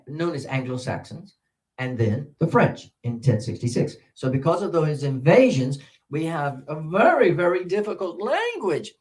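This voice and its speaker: Animated man teaching pronunciation. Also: fairly high pitch. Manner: animated, demonstrative, drawing out words. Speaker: English teacher trainer. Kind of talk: teaching workshop talk. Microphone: microphone.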